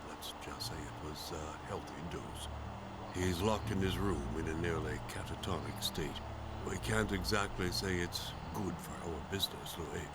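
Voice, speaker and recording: An actor playing a composed older male president in a video game, speaking in a measured, formal, diplomatic way, with loud noise over the game audio. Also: low voice, close to an everyday voice. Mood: calm.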